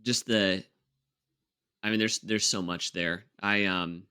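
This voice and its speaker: A man's voice: deep voice, fairly even intonation, slow pace, bright, forceful tone, clean tone. A man hosting a podcast, chatting casually and chiming in with easy laughs. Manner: laughs easily, chimes in. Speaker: podcast host.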